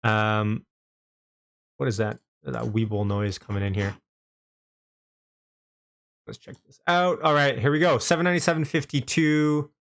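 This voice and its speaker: A man's voice: medium pitch, fairly even intonation, a little slow, vocal fry, pauses often, a bit bright. A young man from Canada with a light Canadian accent, hosting a casual live stream, chatty, often laughing and reading out viewers' chat messages. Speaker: livestream host.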